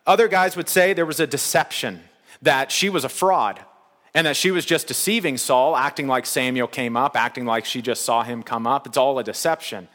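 A man preaching a sermon in a relaxed, conversational, joking way, from a church hall. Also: medium pitch, normal speed. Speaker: pastor. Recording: long hall reverb.

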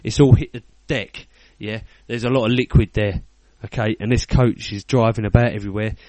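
A British man in his thirties, co-hosting a casual podcast, tells a funny story in a lowish, steady, warm voice at a brisk clip, with no room sound. He swears freely, laughs as he goes, and acts out the people in the story in his British accent.

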